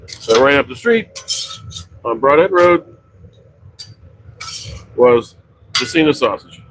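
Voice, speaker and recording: A man's voice: medium pitch, animated, slow, a bit bright, slight background noise, poor audio. A middle-aged man from western Pennsylvania telling a long, rambling story about his pizza shop, with many fillers and self-corrections. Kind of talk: casual storytelling on a livestream.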